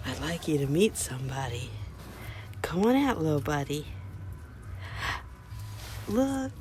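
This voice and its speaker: A woman showing her new rabbits outdoors beside the hutches on her farm, chatting casually to the camera and cooing softly at the animals. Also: sits low, sing-song, moderate pace, long pauses, background noise. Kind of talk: casual vlog walk-through.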